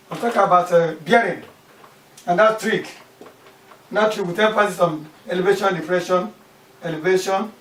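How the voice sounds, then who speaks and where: Male teacher, high voice, echoey room. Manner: repeats key terms, asks questions aloud. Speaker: mathematics teacher. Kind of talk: classroom lesson. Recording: echoey room from far off with faint background noise.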